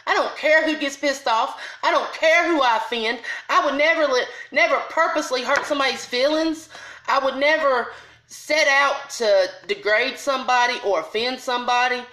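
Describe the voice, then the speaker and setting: A woman's voice: sits high, moderate pace, bright, forceful tone, roomy sound, poor audio. A middle-aged woman ranting heatedly and bluntly to camera about a confrontation, in casual dialect grammar. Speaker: vlogger. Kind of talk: angry storytime rant to camera.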